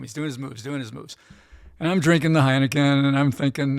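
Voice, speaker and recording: A middle-aged man, a gambling expert guest, telling an animated story in casual interview chat and often tagging his lines with "right?". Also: medium pitch, a little fast, no room sound, clean studio sound.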